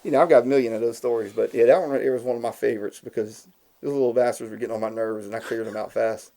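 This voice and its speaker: A man with a drawl telling stories on a podcast. He rambles, restarts and laughs at his own tales. His voice sits at a middle pitch. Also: steady tone, very fast, gravelly, warm tone. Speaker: podcast guest. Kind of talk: casual chat, storytelling.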